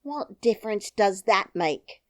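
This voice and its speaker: A woman's voice: mid-range voice, lively intonation, measured pace, voice pushed up, close to an everyday voice. A woman voicing a fussy, fretful nursemaid who scolds indignantly and near tears.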